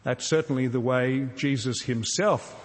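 A man preaching in an earnest, measured way, pausing on rhetorical questions. His voice sits at an ordinary middle pitch. The sound carries a long reverb, as in a large church hall. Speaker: pastor. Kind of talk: sermon.

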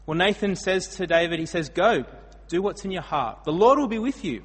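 Australian preacher in an echoey hall. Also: male voice, high voice, lively intonation, moderate pace, breathy edge. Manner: storytelling, dramatic swings in loudness. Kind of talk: sermon.

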